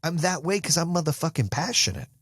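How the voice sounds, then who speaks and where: A man's voice: on the high side, sing-song, fast, breathy edge, no room sound, clean studio sound. An American man hosting a podcast, delivering an intense, profane motivational monologue. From United States. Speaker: podcast host.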